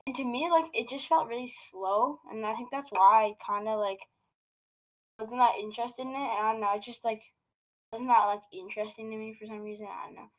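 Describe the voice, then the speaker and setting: A woman's voice: fairly high pitch, fairly quick, a bit bright, rough recording. A woman co-hosting a podcast in casual chat, eager and padding every phrase with "like". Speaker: podcast co-host.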